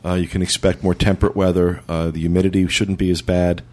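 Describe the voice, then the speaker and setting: A man's voice: deep voice, level tone, fast, darkish tone. A man hosting a casual podcast roundtable, running segments and laughing often with his co-hosts. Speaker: podcast host.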